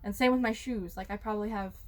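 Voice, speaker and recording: A woman's voice: medium pitch, steady tone, fast, darkish tone, soft background music. A young adult woman talking casually while giving a tour of her converted bus home, chatty and quoting herself. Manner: chatty, filler-heavy, quotes herself. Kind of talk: casual chat.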